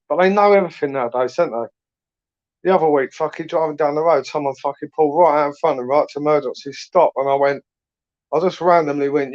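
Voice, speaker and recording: A man's voice: fairly high pitch, steady tone, fast. A man telling rambling stories in casual chat, swearing freely and ending lines with tag questions like "innit". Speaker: podcast host. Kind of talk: casual storytelling monologue. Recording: muffled lo-fi audio.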